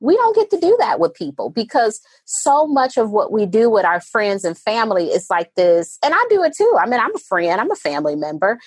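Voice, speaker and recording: A therapist woman speaking as a podcast guest in an animated way, often acting out the voices of people she quotes. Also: mid-range voice, brisk, hardly any pauses, slightly rough, dry recording. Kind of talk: podcast interview conversation.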